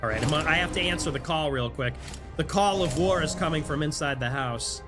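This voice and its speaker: A young man in his twenties with a high voice rants on his livestream, fast and animated, often breaking into laughs. Faint music plays behind him. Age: 20s. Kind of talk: casual stream rant.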